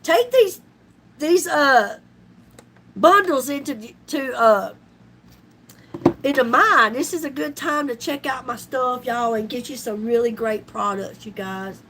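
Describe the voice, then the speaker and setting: A woman's voice: high-pitched, slow, a little hiss or hum. A middle-aged woman, chatting on a live stream with folksy slang and frequent laughter. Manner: laughs often, folksy and loud, down-home slang. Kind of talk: casual live-stream chat.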